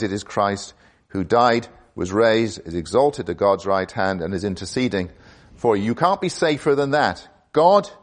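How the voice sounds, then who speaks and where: A man preaching an expository sermon, earnest and emphatic, posing rhetorical questions to his congregation. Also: medium pitch.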